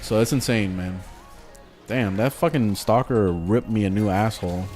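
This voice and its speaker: A man streaming a video game, chatting casually and telling an animated story with lots of swearing, reading questions from chat, faint game music behind him. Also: on the low side, moderate pace.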